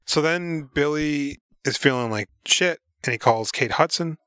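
A man's voice: fairly high pitch, unhurried, a bit bright, dry recording, studio quality. A man in casual movie-podcast chat, retelling scenes and acting out the characters' lines in an offhand, profane way. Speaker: podcast co-host.

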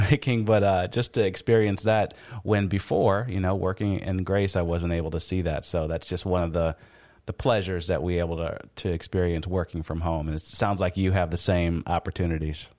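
Middle-aged male host, very low voice, measured casual interviewer on a video call. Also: fairly even intonation, a little mellow. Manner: measured, with many fillers. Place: home basement office.

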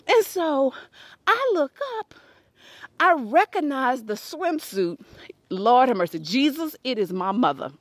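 Lively high-voiced woman telling a story. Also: a little slow, dry recording. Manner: animated, laughing, acts out voices. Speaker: host. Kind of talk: casual storytelling.

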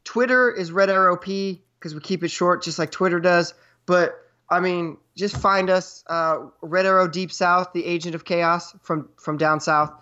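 A man's voice: high-pitched, steady tone, moderate pace, few pauses, pushed and bright. A man co-hosting a podcast in casual chat, rambling and repeating himself jokingly. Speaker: podcast co-host. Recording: dull lo-fi sound.

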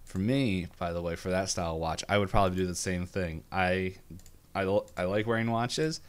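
A man co-hosts a relaxed episode recap, his voice sitting on the low side. He rambles, trips over his words and breaks into giggles often. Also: clean tone. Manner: rambling and giggly, quick bursts of acted quotes. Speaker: podcast co-host. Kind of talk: casual recap chat.

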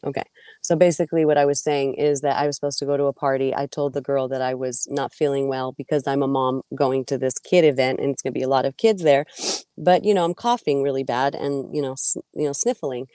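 Low-voiced woman with a stuffy cold. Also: fairly even intonation, fast, dark tone, no room sound, clean studio sound. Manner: ranting, exasperated. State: sick with a cold, congested. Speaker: co-host. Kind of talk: casual livestream chat.

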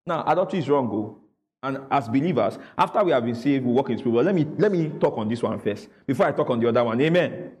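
A man's voice: medium pitch, expressive, quick pace, a little mellow, in a large hall. A man preaching a sermon in church, calling on the congregation to repeat after him and read aloud. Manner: call-and-response preaching, asks the congregation to repeat. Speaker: pastor.

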